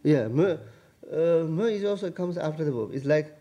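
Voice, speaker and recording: A man teaching a text, explaining grammar word by word in a halting, repetitive way. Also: a little high, animated, dark tone. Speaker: Tibetan language teacher. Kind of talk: casual text-study session.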